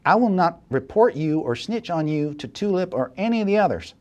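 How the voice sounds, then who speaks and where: Pushy scheming blackmailer woman, voiced by a man, higher than his own voice, bossy and demanding. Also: expressive, a little fast, darkish tone, natural voice.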